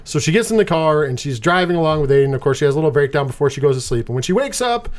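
A man co-hosting a podcast, recapping a movie plot in casual chat, animated and swearing freely. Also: a little high, rapid-fire. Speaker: podcast co-host.

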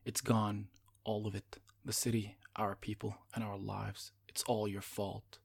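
A man's voice: fairly low pitch, level tone, measured pace, creaky, breathy edge, heavily acted. A man reading as a huge bitter old warrior. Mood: accusing. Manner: hostile, grumbling.

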